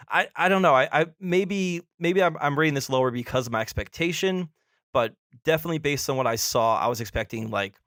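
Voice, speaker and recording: A man's voice: on the high side, fairly quick, a bit bright, no echo, clean studio sound. Chatty man co-hosting a film podcast. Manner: chatty, laughs often, stumbles over names. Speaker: podcast co-host. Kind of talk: casual film discussion.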